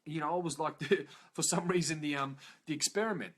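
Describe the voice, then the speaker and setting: A man's voice: a little high, fairly quick, a bit bright. A man, a motivational speaker, telling a blunt and profane personal story to an audience.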